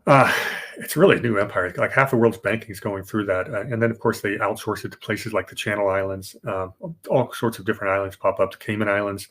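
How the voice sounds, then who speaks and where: A man's voice: on the low side, steady tone, quick pace, few pauses, a bit bright. A man co-hosting a podcast, explaining banking history casually, with fillers and restarts. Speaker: podcast co-host.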